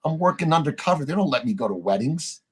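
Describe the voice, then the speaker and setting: A man, a podcast guest, telling long stories in a relaxed conversational way and acting out the other people's lines himself. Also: on the high side, fast, husky. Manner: animated storyteller acting out quoted voices. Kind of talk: conversational storytelling.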